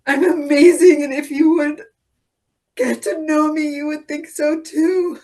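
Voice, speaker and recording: A woman client in a coaching session, speaking in a halting, emotional way and slipping into whispers. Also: sits high, steady tone, darkish tone. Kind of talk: therapeutic affirmation exercise.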